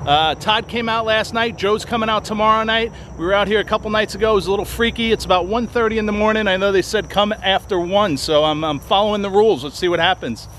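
A man's voice: high voice, fast talker, few pauses, slight background noise, low-quality recording. Scared man vlogging a night ghost hunt. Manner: jittery, muttering to himself, calling out into the dark. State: frightened and shaky. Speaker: paranormal vlogger. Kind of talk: nervous solo ghost-hunt vlog. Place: abandoned trailer at night, indoors and out. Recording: night insects and crickets clearly audible.

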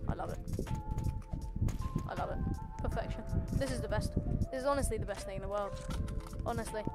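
A woman hosting a gaming channel, giving excitable, playfully cocky commentary while she plays. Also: medium pitch, brisk. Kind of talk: live gameplay commentary. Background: loud game music and gunfire.

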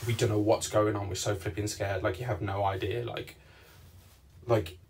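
A young Englishman filming on a phone while trapped in a small lift, shaky and panicking, talking in reassurances and shouting for help. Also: fairly low pitch, level tone, moderate pace. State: panicking, shaking. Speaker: vlogger. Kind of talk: frightened handheld vlog. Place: inside a small stuck lift. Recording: distant phone mic, faint hiss.

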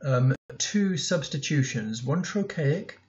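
A man's voice: a little high, lively intonation, slow pace, darkish tone, muffled recording, slight background noise. A male teacher talking through a poem in a recorded lesson, thinking aloud as he writes notes, with many ums and restarts.

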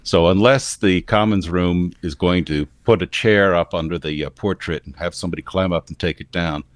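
Low-voiced american guy with a standard accent, long explainer talk, dry close mic. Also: moderate pace, dry recording. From Philadelphia area, United States. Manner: talks in long explanatory stretches. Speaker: news commentator co-host. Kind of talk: casual news discussion.

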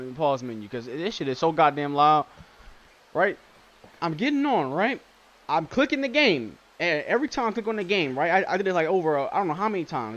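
A man hosting a let's-play gaming video, ranting in an excitable, profane way, speaking close to the mic. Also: a little high, highs cut off. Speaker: gaming channel host.

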